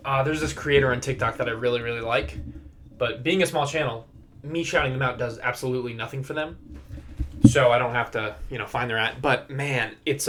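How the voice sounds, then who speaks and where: A young man chatting on his solo podcast, loose and rambling, dropping curse words as he goes. His voice sits at a middle pitch for a man, and he keeps it easygoing and unscripted. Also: a bit bright. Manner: rambling, profane, laughs at his own stories. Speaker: podcast host. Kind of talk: casual solo podcast chat.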